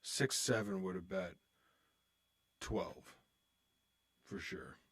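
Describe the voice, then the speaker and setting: A man's voice: low voice, big pitch swings, very slow, a bit bright. A man streaming online poker, muttering about his hands and chatting with viewers in a loose, joking way. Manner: muttering to himself, swearing, then chatting upbeat with viewers. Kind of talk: casual live-stream commentary.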